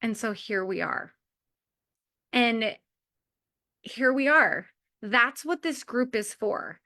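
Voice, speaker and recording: A woman in her forties encourages a community of mothers with a heartfelt talk, chatty, laughing often and leaning on the filler "like". Her voice is on the high side, bright and forceful, with lively intonation at a slow pace.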